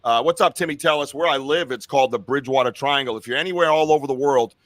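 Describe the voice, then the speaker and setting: A man's voice: mid-range voice, fast, fairly bright tone, dry recording. A man from Massachusetts with a Boston accent, a guest telling stories in an upbeat, chatty way. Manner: upbeat, chatty, laughs easily. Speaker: podcast guest, Bigfoot researcher. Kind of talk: casual storytelling.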